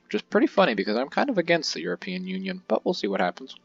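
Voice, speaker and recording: A man's voice: high-pitched, very animated, rapid-fire, gravelly, husky, dry recording, dull audio, soft background music. A man casually commentating his own strategy game playthrough, chatty and joking with viewers. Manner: chatty, jokey, reacts aloud to the game. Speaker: let's-play host.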